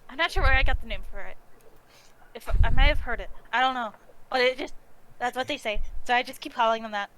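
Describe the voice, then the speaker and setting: Woman, high voice, excitable tabletop player. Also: fast, slight background noise, low-quality recording. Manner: excitable, bubbly in character. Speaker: player voicing a character. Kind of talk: tabletop role-play.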